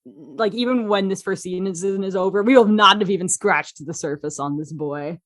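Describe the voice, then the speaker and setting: A woman's voice: mid-range voice, normal speed. Chatty woman voice actor, laughing often. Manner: excitable, animated storytelling. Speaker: podcast guest, voice actor and writer. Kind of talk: casual interview chat.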